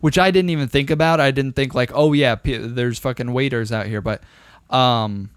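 A young man co-hosting a podcast, telling a long, profane, animated story in casual chat. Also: medium pitch, normal speed, dry recording, clean studio sound. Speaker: podcast co-host.

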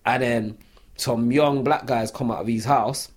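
Young podcast host, husky, animated storyteller, mid-pitched. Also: male voice, unhurried. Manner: animated storytelling full of "like" fillers. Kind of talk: casual chat.

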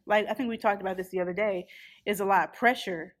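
A woman's voice: medium pitch, fairly even intonation, fast. A woman in her twenties chatting casually, telling a story and acting out what people said. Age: 20s. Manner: chatty storyteller, acts out quotes. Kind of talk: casual chat.

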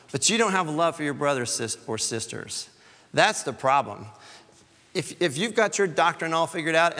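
A man preaching a sermon in a church, his fairly high voice carried by a long hall reverb. He talks conversationally, repeats words as he goes, and builds to emphatic peaks. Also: fairly bright tone.

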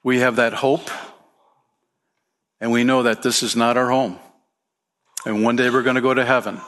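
A man's voice: medium pitch, fairly even intonation, moderate pace, long pauses, a bit bright. A man preaching a sermon as pastor, emphatic, lifting his voice for key points and calling listeners "man" and "friend".

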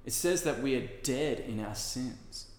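A man's voice: mid-range voice, expressive, unhurried, darkish tone. A male pastor preaching a sermon in an earnest, conversational way with casual asides. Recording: echoey hall with long reverb.

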